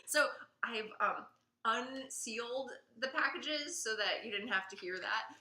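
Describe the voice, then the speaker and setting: A woman co-hosting a casual podcast chat, gushing and excitable, laughing often. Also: on the high side, a little slow. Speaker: podcast co-host. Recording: echoey room.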